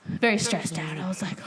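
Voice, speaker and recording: A young woman casually telling a story on a podcast, rambling with lots of "like" and acting out the people in it. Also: mid-range voice. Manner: rambling, lots of "like", animated retelling. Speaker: podcast co-host. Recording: loud crowd noise behind.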